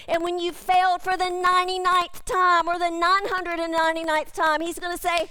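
A woman's voice: extremely high pitch, flat delivery, moderate pace, few pauses, pushed and bright, slight background noise. A woman pastor preaching a sermon, speaking emphatically and repeating her key phrases again and again.

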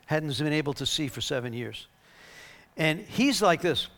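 A man delivers a sermon in a high, lively voice. He tells a story and acts out the dialogue with bursts of laughter, and his energy rises and falls as he goes. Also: moderate pace. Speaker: preacher.

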